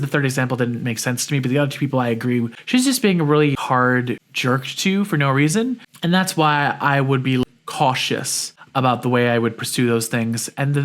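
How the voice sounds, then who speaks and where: Young male podcast host, mid-pitched, thinking aloud, conversational with restarts. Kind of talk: casual solo commentary.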